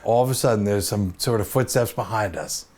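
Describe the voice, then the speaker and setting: A man's voice: lowish voice, fairly quick, darkish tone. A man in his fifties telling a story to camera as host, chatty and self-deprecating, with many asides.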